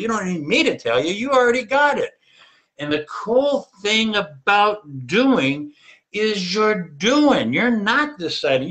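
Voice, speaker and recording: A man's voice: high voice, fairly bright tone. A middle-aged man hosting a personal finance show, giving a punchy, emphatic motivational monologue with casual swearing.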